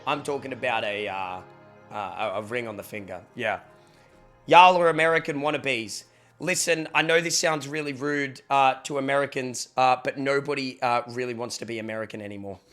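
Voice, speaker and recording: A man's voice: mid-range voice, normal speed, fairly bright tone, faint music behind. An Australian man streaming live, chatting loosely with viewers, swearing now and then and thanking them for subs. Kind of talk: casual live-stream chat.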